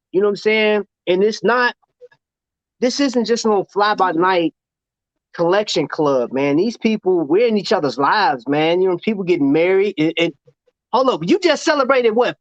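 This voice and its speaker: High-voiced man hosting a casual chat. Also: moderate pace, no echo. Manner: loose, animated, slangy, laughs often. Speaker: show host. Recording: dull, lo-fi sound.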